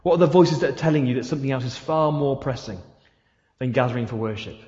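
A man's voice: medium pitch, fast, darkish tone. A man preaching a sermon in a church hall, asking his listeners repeated rhetorical questions. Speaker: pastor. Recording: echoey hall, dull sound.

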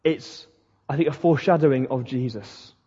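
A man's voice: mid-range voice, normal speed, warm tone, husky. A man preaching a sermon in a conversational way, with slips and restarts. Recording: dull lo-fi sound in a reverberant hall.

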